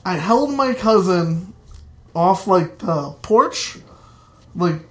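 A young man tells a family story live, chatty and quick to laugh at his own lines. He takes his time, with long unhurried stretches between his points. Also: high-pitched, expressive.

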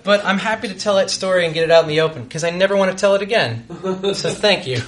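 A young man telling a self-mocking comic story on a live stage, halting and restarting as he goes. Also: high-pitched, heavy background noise. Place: live show before an audience.

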